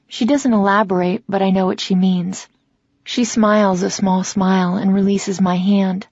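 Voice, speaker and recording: Woman, first-person audiobook narration, measured, reflective, dry close sound, slightly muffled. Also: medium pitch, level tone, a little mellow, dry recording.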